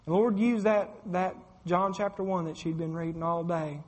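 A man's voice: high voice, steady tone, normal speed, in a large hall. A man preaching a sermon, telling a testimony in a folksy way, full of "I said" and "uh". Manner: folksy storytelling with many fillers and repeated "I said".

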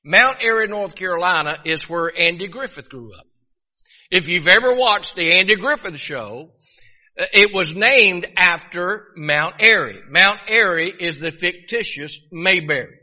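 A middle-aged pastor from Virginia with a Southern American accent preaches a folksy sermon, often repeating his first words as he starts a sentence. His voice sits high and sounds animated and sharp, a little slow, with a long reverb tail.

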